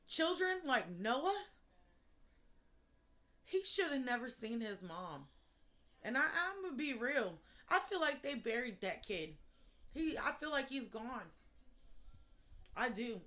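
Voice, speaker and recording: A woman's voice: a little high, bright, forceful tone. Furious profane woman with a drawl. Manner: angry, profane, blunt. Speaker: mother venting on video. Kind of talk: emotional unedited vlog rant.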